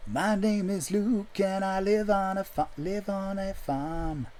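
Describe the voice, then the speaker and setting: A man's voice: high-pitched, darkish tone, a little hiss or hum, voice pushed up. A man putting on Luke, a corny singing farm boy. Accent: American. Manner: corny, drawn-out sung lines.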